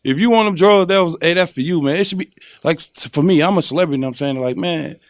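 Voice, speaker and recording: A man on a podcast as a guest, talking in an animated, blunt and profane way. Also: a little high, fast, no echo. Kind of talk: casual podcast chat.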